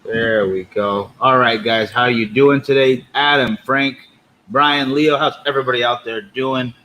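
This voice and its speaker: Bright-voiced upbeat male podcast host. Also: medium pitch, fairly even intonation, unhurried, poor audio. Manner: upbeat, teasing. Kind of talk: casual chat.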